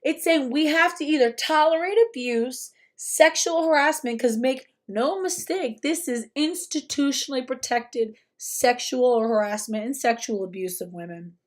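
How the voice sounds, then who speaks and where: A woman host giving impassioned, fast-talking commentary over video clips. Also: high voice.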